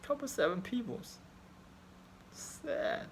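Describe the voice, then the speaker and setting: Very high-pitched and gravelly, this man's voice is very animated yet slow-paced, with slight background noise. He's a Chinese fan in his thirties speaking non-native English with a Chinese accent, and in this emotional personal vlog he rambles about his grief, swearing often in broken phrasing.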